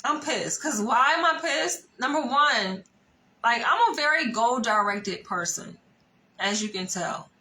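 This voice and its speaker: Young woman, bright and crisp, spilling a dating story to camera; animated, swears freely, talks straight at the viewer. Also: on the high side, a little slow, rough recording. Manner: animated, profane, conversational storytelling. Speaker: vlogger telling a dating story. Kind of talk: casual storytime monologue.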